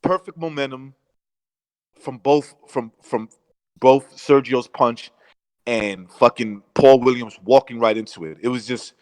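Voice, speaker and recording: A man's voice: mid-range voice, a little slow, no echo, poor audio. A man co-hosting a casual podcast, emphatic, swearing and saying dude and bro. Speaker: podcast co-host.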